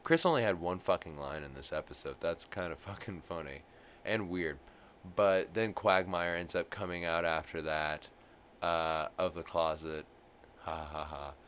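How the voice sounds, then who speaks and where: Man, very low voice, casual podcast host, rambling, swears a lot, faint background hiss. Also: unhurried, fairly bright tone. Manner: rambling, profane, full of fillers. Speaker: podcast host recapping an episode. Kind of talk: casual recap chat.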